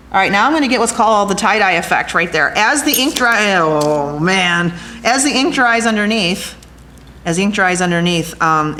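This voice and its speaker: Woman, craft instructor, chatty and excitable, everyday mid voice, faint studio hiss. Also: medium pitch. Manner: chatty, excitable, talks to viewers as guys. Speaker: glass art instructor. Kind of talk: hands-on craft demonstration. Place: glass studio workshop.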